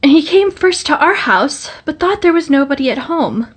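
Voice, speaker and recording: A woman voicing an eager, breathless eleven-year-old peasant girl in a storybook reading. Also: sing-song. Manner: breathless, pleading, high and quick.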